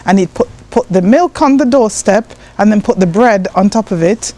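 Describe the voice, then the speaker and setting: A woman from Jamaica, a poet, telling personal stories in an interview with an animated manner, acting out voices and laughing often. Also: mid-range voice, normal speed. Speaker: guest, poet and writer.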